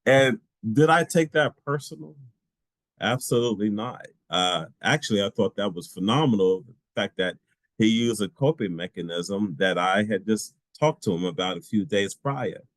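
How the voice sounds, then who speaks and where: A man with a notably low voice talks his audience through a training session. His delivery is relaxed and anecdotal, sprinkled with fillers. The sound is dry and close. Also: normal speed, dry recording. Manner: relaxed storytelling with frequent fillers and laughs. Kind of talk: informal training talk with personal stories.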